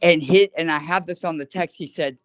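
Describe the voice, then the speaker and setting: A woman's voice: low voice, fairly even intonation. Woman animatedly retelling dialogue over video call. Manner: speeds up in rushed bursts. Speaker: caller recounting her experience. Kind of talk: casual video call conversation.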